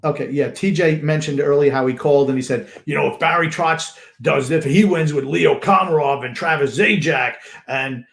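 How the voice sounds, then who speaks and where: A man's voice: fairly high pitch, normal speed, gravelly, few pauses. A man co-hosting a call-in sports podcast, joking and reassuring with callers. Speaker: podcast co-host. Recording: echoey room.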